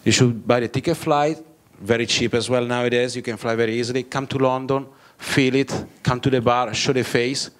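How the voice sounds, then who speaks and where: A man's voice: medium pitch, fairly even intonation, brisk. Blunt man giving advice. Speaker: bar owner in London. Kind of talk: casual panel talk.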